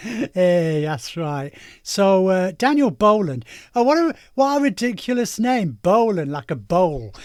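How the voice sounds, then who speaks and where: A man's voice: fairly high pitch, a little mellow, dry recording, clean studio sound. A man hosting a reaction video, talking in a mocking, rambling way with lots of fillers. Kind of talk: casual sarcastic commentary.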